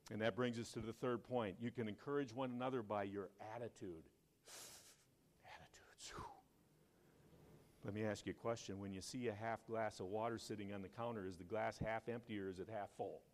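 A man preaching a sermon to his church, telling stories in a conversational way and rising to loud, emphatic peaks. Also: lowish voice, steady tone, quick pace, hardly any pauses, slight background noise. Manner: conversational storytelling, asks the congregation questions. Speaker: pastor.

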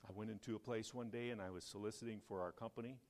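A man preaching a sermon to his church, telling stories in a conversational way and rising to loud, emphatic peaks. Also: fairly low pitch, steady tone, quick pace. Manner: conversational storytelling, asks the congregation questions. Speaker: pastor.

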